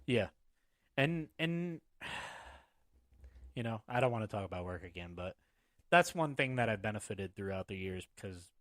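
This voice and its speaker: A man in casual podcast talk, cursing his way through rowdy stories. He jumps into loud, shouted impressions of the people in them. The sound is dry and close, with no room echo. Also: on the low side, normal speed. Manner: profane, animated storytelling with shouted impressions. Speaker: podcast host. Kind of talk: casual chat.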